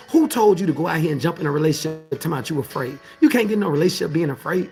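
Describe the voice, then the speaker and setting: A man's voice: on the high side, lively intonation, fast talker, vocal fry, soft background music. A man coaching his viewers through scripture in an emphatic, repetitive, preacher-like cadence, asking questions and answering them himself. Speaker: life coach. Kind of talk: motivational scripture talk to viewers.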